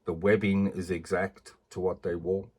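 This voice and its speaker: A man's voice: low voice, flat delivery, moderate pace, darkish tone. A middle-aged man, chatting casually as he reviews collectible figures and often ends sentences with "eh".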